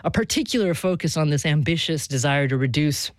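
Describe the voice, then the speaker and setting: Measured, probing radio host woman. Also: sits low, expressive, no echo. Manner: measured, probing questions with casual fillers. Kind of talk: public radio interview. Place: studio in Boston.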